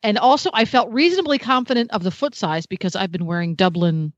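A woman's voice: medium pitch, fast talker, no room sound. A woman who regularly reviews gear on a radio talk show, chatty and full of small details, with a self-deprecating joke now and then. Her voice is mid-range and sounds dry and close. The audio is dull and lo-fi.

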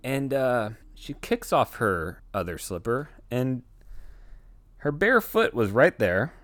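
A laid-back man co-hosting a casual podcast, spinning a long comic anecdote. His pitch swings widely as he talks, and the sound is dry and close. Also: very animated, slow pace, a bit bright, no room sound. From United States. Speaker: podcast co-host.

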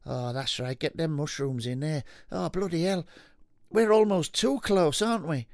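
A man's voice: fairly high pitch, normal speed, creaky, a little mellow, no room sound, studio quality, pitched above the performer's own voice. A man doing a comic impression of an easygoing male TV cook, drawling and calling everyone dude. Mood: matey. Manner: drawling, keeps agreeing, calls everyone dude. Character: easygoing bearded male TV cook, agreeable and sweary.

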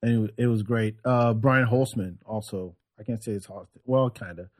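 A man's voice: lowish voice, fairly even intonation, normal speed, a little mellow. A comedian on a podcast in loose casual chat, swearing freely and stammering as he restarts sentences.

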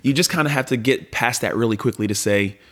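An easygoing man in his forties from Pennsylvania, relaxed mid-range voice, tells his stories with energy and slips into the voices of the people he quotes. He speaks as a guest in a casual conversation. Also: medium pitch, fast. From Pennsylvania, USA. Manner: animated storyteller who acts out quoted dialogue. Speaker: guest, former pro football player. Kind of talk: casual interview storytelling.

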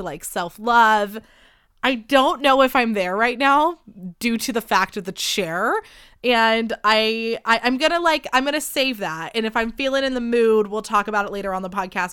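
A woman in her late twenties hosting a podcast, talking in a chatty, self-deprecating way with lots of fillers and sudden jumps in pitch. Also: a bit bright, clear, resonant tone, no echo, studio quality. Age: late 20s. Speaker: podcast host. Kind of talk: casual confessional chat.

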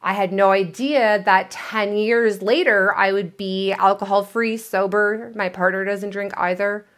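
A woman's voice: mid-range voice, steady tone, a little slow, fairly bright tone. A woman coaching her listeners on love in a candid, emphatic manner. She speaks in a mid-range voice and doesn't mind dropping a curse word to make her point. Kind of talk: motivational talk.

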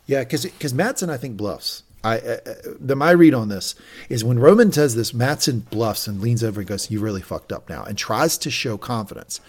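A man's voice: medium pitch, normal speed, breathy edge. A man co-hosting a podcast, recapping an episode in casual chat and acting out lines from it. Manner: animated, acts out quotes from the show. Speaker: podcast co-host.

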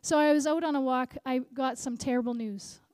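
A woman preaching at a conference, animated, repeating key lines and asking the crowd questions. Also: high-pitched, a little fast, clean tone, no echo, clean studio sound. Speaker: conference speaker. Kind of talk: sermon.

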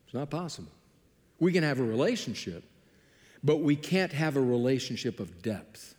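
A man preaching a sermon, telling Bible stories with lively acted-out dialogue. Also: medium pitch, moderate pace, in a large hall. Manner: animated storytelling, acting out biblical dialogue. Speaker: pastor.

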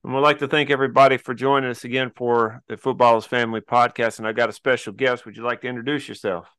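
Man, podcast host, mid pitch, conversational, easygoing questions. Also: little pitch movement, fast, fairly bright tone, clear, resonant tone. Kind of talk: interview.

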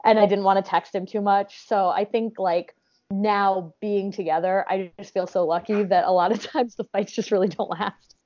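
A woman's voice: medium pitch, steady tone, normal speed, a little mellow, no room sound, highs cut off. A woman guest in a casual podcast interview, chatty, laughing often and saying "like" a lot.

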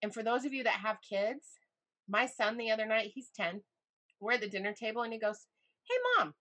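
A middle-aged woman as a podcast guest, talking in a casual, animated way and turning vivid when she retells moments from her life. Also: fairly quick. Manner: animated storyteller, voice jumps high in retold moments. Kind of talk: casual interview chat.

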